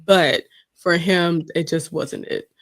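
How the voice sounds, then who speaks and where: Lady hosting a chat, lowish voice, rambly and laughing a lot. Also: little pitch movement, slow, fairly bright tone. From South Carolina. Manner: chatty, laughing, stumbling restarts. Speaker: host. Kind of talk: casual chat.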